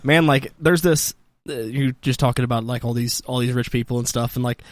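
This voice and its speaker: A man's voice: mid-range voice, brisk, no room sound. A man co-hosting a casual podcast. He talks bluntly and swears freely. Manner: blunt, swears freely, backs up the other host. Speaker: podcast co-host.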